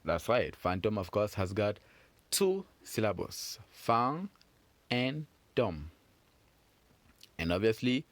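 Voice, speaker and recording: A man teaching children French phonics, patient and encouraging as he repeats each sound. He speaks slowly with a very lively, rising-and-falling pitch. The recording is dry and close. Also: no room sound. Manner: slow, patient, encouraging, drawn-out repetitions.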